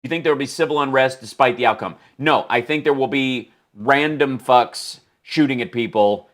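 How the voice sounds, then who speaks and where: Male host, political comedy stream, joking, profane, rambling, mid pitch. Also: normal speed, a bit bright. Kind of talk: casual live-stream political comedy talk.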